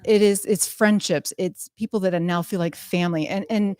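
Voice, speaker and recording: A woman's voice: fairly low pitch, moderate pace, warm tone, dry recording. A woman sharing a heartfelt personal story as a panelist. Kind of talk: personal testimony.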